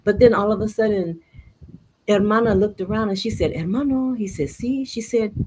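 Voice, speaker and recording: A woman's voice: mid-range voice, steady tone, fairly quick, a little mellow, slight background noise, rough recording. A woman storyteller telling stories in an interview. She talks expressively and mixes Spanish words into her English. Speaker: storyteller guest.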